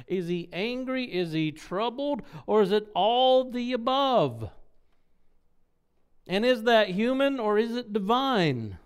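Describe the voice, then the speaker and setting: A man's voice: high voice, smooth. A man preaching a sermon, asking the congregation rhetorical questions and acting out sounds. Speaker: pastor.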